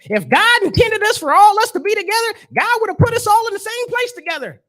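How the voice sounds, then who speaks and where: A man doing a shouting bigoted talk-show guest. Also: extremely high pitch, big pitch swings, fast, pitched above the performer's own voice, full character voice. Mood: mocking. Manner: shouting, mocking put-on accent. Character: ranting bigoted male hate-group guest on a talk show.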